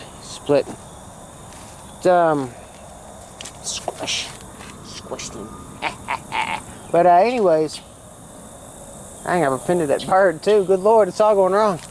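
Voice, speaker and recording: A man's voice: on the high side, a little mellow, a little hiss or hum. A man talks through his vegetable garden outdoors in a rambling, folksy, chatty way. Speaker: gardening vlogger. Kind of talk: casual walk-through commentary.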